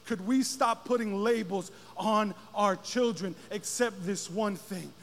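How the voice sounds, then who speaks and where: A man preaching a sermon as pastor, often rising into shouted, drawn-out lines. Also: high-pitched, vocal fry, slight background noise. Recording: long hall reverb.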